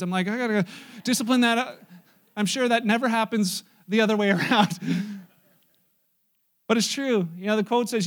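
A man pastor delivering a conversational sermon, mixing stories and humor with plain teaching. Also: very high voice. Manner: conversational preaching with asides and humor.

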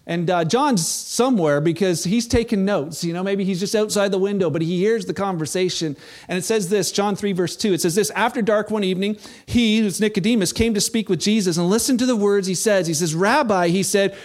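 A man preaching a sermon, telling the story in a casual, animated way and acting out the people in it. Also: high-pitched, a little fast. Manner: animated storytelling, acts out quoted voices. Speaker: pastor.

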